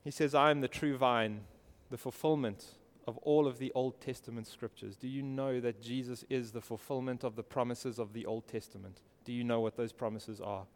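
A man's voice: mid-range voice, fairly even intonation, normal speed, hardly any pauses, long reverb tail. A man preaching a sermon earnestly, asking his listeners direct questions. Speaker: pastor.

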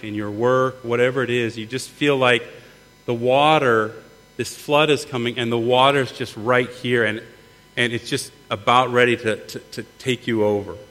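A middle-aged pastor with a mid-range, fairly bright voice preaches a sermon earnestly, often repeating words as he builds. The recording carries a long hall reverb and mains hum.

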